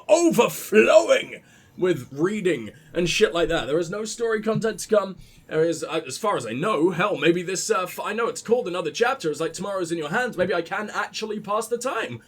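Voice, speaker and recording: A man's voice: sits high, husky. A man hosting a video game let's play, rambling and swearing as he gushes about the game, tired after a late night. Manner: profane, gushing, rambling.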